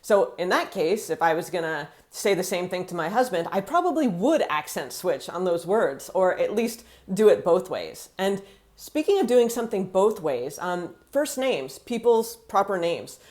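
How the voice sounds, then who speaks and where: A woman's voice: fairly low pitch, moderate pace. Chatty American woman vlogger. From United States. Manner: chatty, animated, acts out quotes. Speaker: vlogger living in France. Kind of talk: casual talk to camera.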